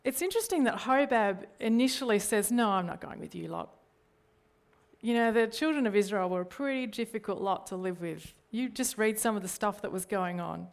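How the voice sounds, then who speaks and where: A middle-aged Australian woman preaches a sermon as a church leader. Her voice sits at an ordinary pitch for a woman, and she speaks earnestly. She often checks in with the congregation through rhetorical questions. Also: brisk, hardly any pauses.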